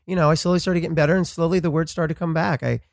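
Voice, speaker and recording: A man as a podcast guest talking casually, often halting and restarting his words. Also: a little high, steady tone, vocal fry, no echo, studio quality. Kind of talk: casual conversation.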